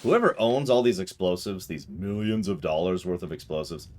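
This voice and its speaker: Deep-voiced joking game streamer. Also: male voice, expressive, normal speed, darkish tone. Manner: rambling, joking, repeats words as he restarts. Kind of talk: casual let's-play commentary. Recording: game noise playing under the voice. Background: game sound effects and gunfire.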